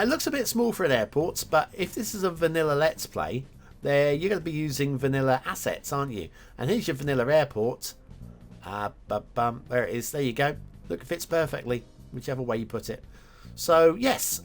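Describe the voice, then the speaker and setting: A man hosting a game map review show, chatting enthusiastically with filler words and self-corrections. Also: medium pitch. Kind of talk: casual game commentary.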